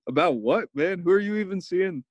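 A man's voice: high-pitched, animated, fairly quick, lo-fi sound. A man in casual chat, listening and answering with short, teasing replies.

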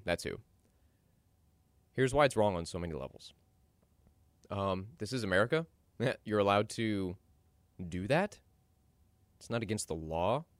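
A man's voice: no echo, clean studio sound. A young man from Dallas hosting a podcast, ranting opinionated commentary and getting worked up as he talks. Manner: animated, ranting, jumps in pitch when worked up. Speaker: podcast host.

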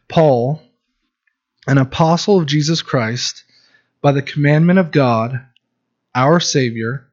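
A man's voice: medium pitch, a little mellow. Earnest preacher man, lo-fi sound. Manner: earnest, conversational preaching with many restarts. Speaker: pastor. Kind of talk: sermon. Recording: dull lo-fi recording.

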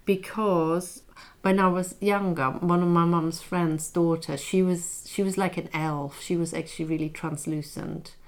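A woman's voice: lowish voice, fairly even intonation, unhurried. A woman chatting casually as a co-host, thoughtful and a little hesitant, telling stories at length. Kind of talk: casual chat.

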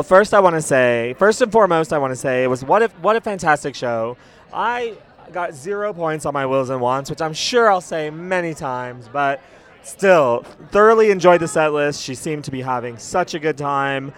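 A man's voice: a little high, expressive, normal speed, clean tone. A man hosting a casual after-show podcast, talking with enthusiasm and sounding a little sick, recorded outdoors in a city. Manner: enthusiastic, chatty. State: sick, cold. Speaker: podcast host.

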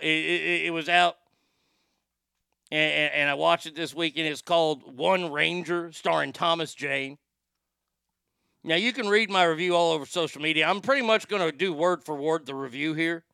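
A man's voice: on the high side, gravelly, pushed and bright, clean tone, no echo, studio quality. A man hosting a show, giving a brash, profane, rambling opinion monologue.

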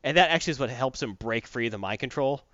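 A man talks casually, walking through a comic book plot in a loose, rambling way full of fillers and restarts. His voice sits at an ordinary pitch. The recording is dull and lo-fi, with a dry, close sound. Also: animated, fast talker, fairly bright tone, dry recording. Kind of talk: casual chat recapping a comic book story.

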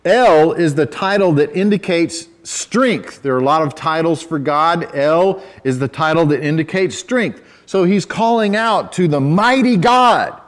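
A man preaching a sermon in a conversational way, with self-deprecating asides and restarts, who rises to loud, emphatic cries when quoting scripture. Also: on the high side, animated, unhurried, few pauses. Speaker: pastor.

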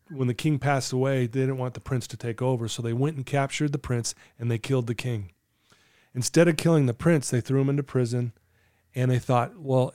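Earnest man with a warm voice. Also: mid-range voice, no room sound, studio quality. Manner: earnest, acts out dialogue with clients. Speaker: podcast guest, client coach. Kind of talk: conversational storytelling interview.

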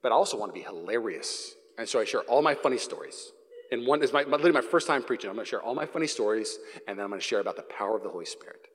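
A man's voice: medium pitch, lively intonation, rapid-fire. A man in his thirties preaching a live sermon to his congregation as pastor, telling comic stories with playful acted sound effects. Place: church sanctuary before a congregation. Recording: reverberant live church hall.

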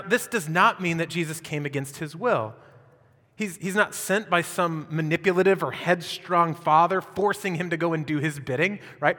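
A male pastor preaches with lively energy, reading scripture and then pressing the congregation with questions. His voice sits a little high for a man. The sound trails off into the long reverb of a church hall. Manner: animated preaching with rhetorical questions. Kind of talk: sermon.

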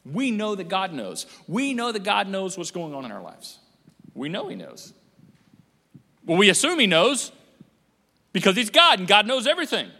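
Man, pastor, lively jokey sermon, acts out quotes, bright voice, long hall reverb. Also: high voice, normal speed, long pauses. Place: church auditorium. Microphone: handheld microphone on stage. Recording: echoey church hall.

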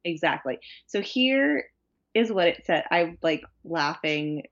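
A woman co-hosting a casual podcast tells a story with animated energy, lots of "um" and "like" along the way. Her voice sits on the low side for a woman. The recording sounds dull and lo-fi. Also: takes it slowly. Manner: animated storyteller, laughing, many fillers. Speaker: podcast co-host. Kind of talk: casual chat.

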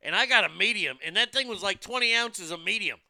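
A man's voice: high-pitched, fairly quick, creaky, pushed and bright, no room sound. A man rambling casually about food, movies and wrestling, blunt and profane, with many restarts. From United States.

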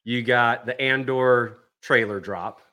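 A man co-hosting a casual podcast, relaxed and appreciative, trailing off softly. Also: mid-range voice, slow pace. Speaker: podcast co-host. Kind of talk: casual chat.

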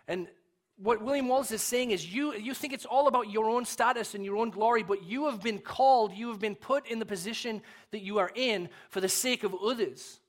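A young adult man with an English accent, preaching a sermon in a relaxed, conversational, storytelling way with self-deprecating humor. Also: high voice, fairly quick. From England. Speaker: pastor.

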